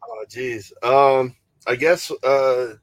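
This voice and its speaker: A man's voice: medium pitch, steady tone, extremely slow, no room sound. A man with an ordinary mid-range voice chats on a podcast, easing into his sentences with ums and uhs. The sound is close and dry. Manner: hesitant, lots of ums and uhs. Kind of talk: casual podcast chat.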